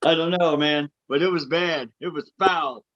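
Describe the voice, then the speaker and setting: A man co-hosts a homemade podcast and tells stories in an animated, emphatic way, often dropping "man". His voice sits fairly high. The recording sounds a bit dull and lo-fi. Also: normal speed. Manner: animated storyteller, says "man" a lot. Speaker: podcast co-host. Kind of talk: casual family storytelling chat.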